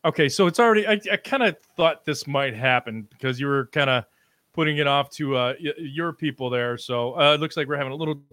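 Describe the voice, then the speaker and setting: Guy hosting a live stream, bright voice kinda high, lots of ums and restarts, dry close sound. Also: no echo. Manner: halting, with frequent ums and restarts; reads out viewer comments. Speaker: livestream interview host. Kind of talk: casual live-stream interview.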